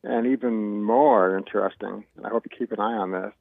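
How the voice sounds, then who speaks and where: A man's voice: on the low side, fairly even intonation, brisk, gravelly, no echo. A man calling into a live show, blunt and repeating himself. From Phoenix, Arizona. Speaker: caller. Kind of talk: phone-in call. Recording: tinny phone line.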